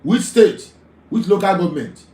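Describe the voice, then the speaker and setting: A man's voice: sits high, expressive, moderate pace, dark tone, echoey room, rough recording. A Nigerian man hosting a live call-in talk show, emphatic, often repeating his phrases.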